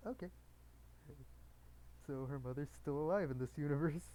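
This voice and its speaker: Game streamer, reads aloud, giggly asides, mellow tone, even pitch. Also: moderate pace, rough recording. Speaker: gameplay streamer. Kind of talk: reading a dating game aloud with commentary.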